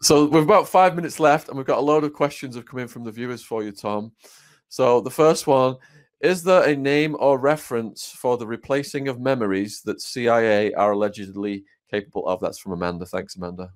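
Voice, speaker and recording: A man's voice: medium pitch, brisk. Man hosting, reading viewer questions. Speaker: podcast host.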